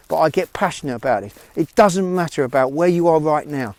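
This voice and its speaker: A man's voice: fairly high pitch, fairly quick, darkish tone, dry recording. A man talking earnestly and bluntly to a handheld phone camera, giving a motivational vlog with frequent restarts and swearing. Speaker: vlogger.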